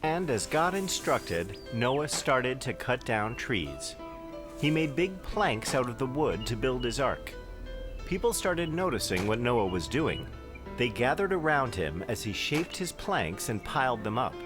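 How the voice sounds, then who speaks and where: Man doing calm pious Noah for a kids' cartoon, earnest storybook read, lively pitch, music bed underneath. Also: a little slow. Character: calm pious male biblical patriarch. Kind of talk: scripted children's cartoon narration.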